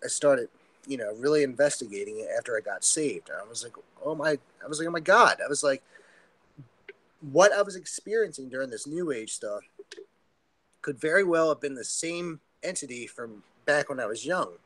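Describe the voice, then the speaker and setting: Guy on a podcast telling his story, earnest and rambly, lots of um and you know, mid pitch voice. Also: expressive, a little fast, a bit bright, no room sound, low-quality recording. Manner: earnest, rambling, many fillers and restarts. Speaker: podcast guest. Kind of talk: casual storytelling.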